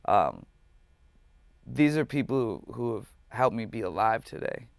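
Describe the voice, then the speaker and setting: A man's voice: mid-range voice, expressive, a little slow, vocal fry, dry recording, clean studio sound. A man speaking as a musician guest in an interview, candid, emotional and passionate, swearing freely.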